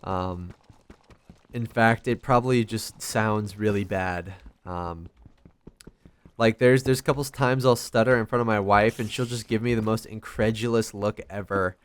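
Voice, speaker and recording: Playing a video game, a young gaming vlogger offers rambling, casual commentary, cursing frequently and mocking himself. His voice sits on the low side, smooth and a little slow, with fairly even intonation.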